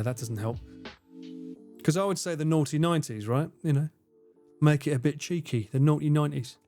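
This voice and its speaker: A man in his forties with a British accent speaks in a mid-range, slightly mellow voice. He's a livestream host casually reading out and replying to viewer comments, laughing a lot and swearing freely. He's in a room at home with the air conditioning running.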